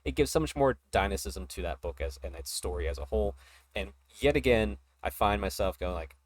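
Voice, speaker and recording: A man hosting a casual hobby podcast, talking in an excited, rambling way and laughing often. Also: on the low side, a little fast. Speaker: podcast host.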